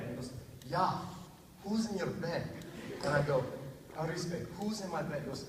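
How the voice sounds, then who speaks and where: A young man from Texas performs stand-up in a large hall, with a slightly high voice, acting out every line of dialogue with lively outbursts. The distant mic catches long reverb and plenty of background noise. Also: moderate pace, pauses often. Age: young adult. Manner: animated storyteller acting out dialogue with excited outbursts. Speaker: stand-up comedian at a student talent show. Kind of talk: stand-up comedy storytelling. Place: large hall at a talent show.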